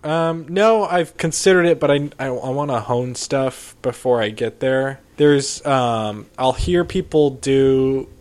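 A man's voice: mid-range voice, slow pace, few pauses, darkish tone. A young man co-hosting a podcast in casual chat, rambling and leaning on fillers like "like" and "uh". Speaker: podcast co-host.

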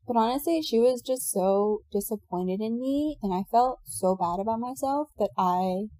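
A woman telling a personal story in casual chat, animated and laughing often, acting out what people said. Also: a little high, moderate pace, dry recording.

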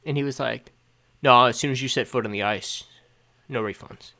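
Young man telling an animated story. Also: medium pitch, normal speed, creaky. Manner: animated storytelling, acting out quoted lines. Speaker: podcast co-host. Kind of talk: casual chat.

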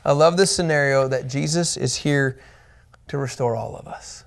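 A man's voice: mid-range voice, normal speed, creaky. A man teaching the Bible as a pastor, earnest and emphatic, repeating his key points.

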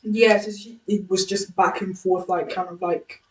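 A woman's voice: fairly low pitch, fairly even intonation, normal speed, far from the mic. Young female podcast co-host, candid, chatty, echoey room mic. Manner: candid, laughs often, slips into her friends' voices when quoting. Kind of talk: casual storytelling chat. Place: room with ring light, podcast set.

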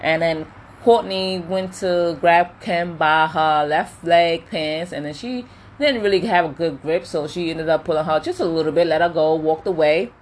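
A woman casually recapping a reality show, opinionated and animated, with lots of fillers. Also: deep voice, moderate pace, slight background noise. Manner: chatty, opinionated, animated retelling with quoted voices; many fillers like um and you know. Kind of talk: casual chat.

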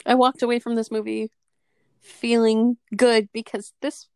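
A woman co-hosts a casual movie podcast, giving blunt opinions and swearing freely. Her voice sits a little high and has a gravelly texture. The recording is dry and close. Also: little pitch movement, unhurried, darkish tone, dry recording. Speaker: podcast co-host. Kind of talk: casual chat.

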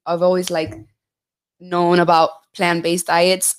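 Young female guest, low-ish voice, congested from a cold, relaxed conversational delivery. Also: slow, clear, resonant tone. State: stuffy from a cold. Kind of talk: casual chat.

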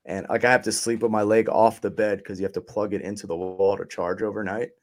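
A man with a somewhat low voice tells his own story in an easy, rambling way. He swears often, fills pauses with ums and "you know," and slips in short laughs. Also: flat delivery. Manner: profane, laid-back, trailing off with ums and laughs. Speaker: interview guest. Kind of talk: casual storytelling.

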